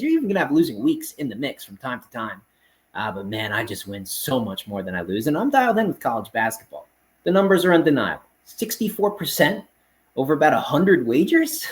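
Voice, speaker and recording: A man's voice: mid-range voice, sing-song, brisk, low-quality recording. A man hosting a casual betting picks show, running through games in a confident, blunt, brash way and often calling his listeners man. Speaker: sports betting picks host. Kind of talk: casual rapid-fire betting picks monologue.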